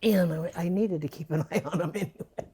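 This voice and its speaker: A woman's voice: lowish voice, a little fast, dark tone, slightly rough. An older woman being interviewed for an oral history, reminiscing in a rambling way with many fillers.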